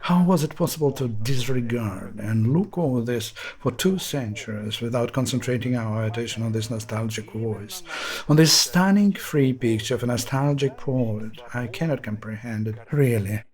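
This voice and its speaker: A man in his sixties, a pianist, explaining a piece of music in an emphatic, impassioned way with long pauses. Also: medium pitch, a little mellow. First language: Russian. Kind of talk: musical analysis talk.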